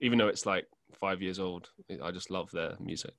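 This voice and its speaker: A man's voice: sits low, fairly even intonation, moderate pace, fairly bright tone. A man co-hosting a podcast in casual chat, with playful, giggly banter. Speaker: podcast co-host.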